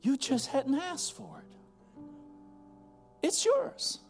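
A man's voice: very high-pitched, huge pitch swings, extremely slow, gravelly, darkish tone, faint music behind, pitched above the performer's own voice, full character voice. A man doing a generous, loving father. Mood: tender.

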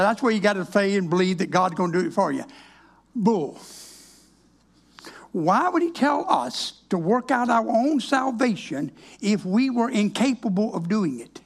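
A man's voice: sits high, vocal fry. An older man, a minister giving a folksy, plainspoken, wry personal testimony.

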